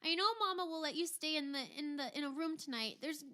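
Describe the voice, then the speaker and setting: A woman voicing an adoring, eager little girl who gushes quickly in a tabletop game. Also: sits high, sharp tone, pitched above the performer's own voice. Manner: breathless, rapid gushing.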